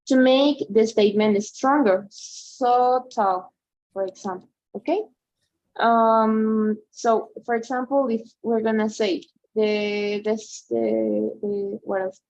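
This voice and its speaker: A woman's voice: medium pitch, darkish tone, muffled recording. A woman teaching in an online lesson, explaining patiently and checking in often with "right?" and "okay?". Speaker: English tutor.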